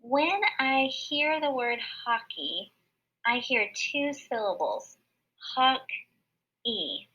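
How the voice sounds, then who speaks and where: A woman teacher giving a recorded word study lesson for children, patiently sounding out syllables slowly and clearly. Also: on the high side, big pitch swings, pushed and bright, highs cut off.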